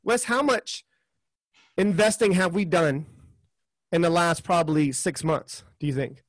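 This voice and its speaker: A man's voice: on the high side, unhurried, no room sound. A man co-hosting a podcast who talks bluntly and casually, sometimes swearing. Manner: blunt and frank, with occasional swearing. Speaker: podcast co-host. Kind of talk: casual interview chat.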